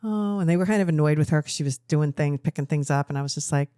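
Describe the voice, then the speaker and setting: A woman's voice: low voice, steady tone, rapid-fire, dark tone, clear, resonant tone, no echo, clean studio sound. A middle-aged woman co-hosting a podcast, chatting casually and telling emotional, rambling stories. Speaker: podcast co-host. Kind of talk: casual chat.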